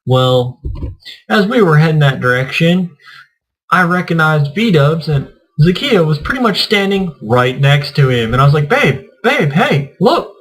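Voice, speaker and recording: A gaming YouTuber rambles through a convention story in casual chat, acting out what other people said. His voice sits on the high side, animated and fairly bright, at a measured pace. The audio is poor.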